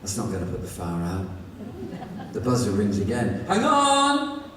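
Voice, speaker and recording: A man with a deep voice reads his own first-person novel aloud at normal speed, with a wry, conversational delivery. The recording is distant and echoey, as if in a hall, with background noise and faint ambience.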